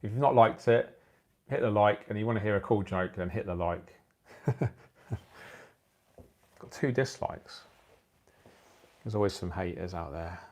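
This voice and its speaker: A man's voice: fairly low pitch, steady tone, brisk. A man in his forties, tired and joking with viewers during a casual livestream he runs from his phone. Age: 40s. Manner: jokey, chatty, laughs at his own jokes. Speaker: aquascaping channel host. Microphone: phone used for the livestream.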